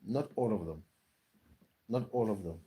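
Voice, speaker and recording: A man with a somewhat low voice hosts a live stream, talking loosely with his viewers. He reads comments aloud and riffs on them, often repeating a word several times before finishing a thought. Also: a little slow, mellow, husky. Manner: repeats words and restarts often, chatty. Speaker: livestream host reading chat. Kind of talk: casual live chat. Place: lives in UK.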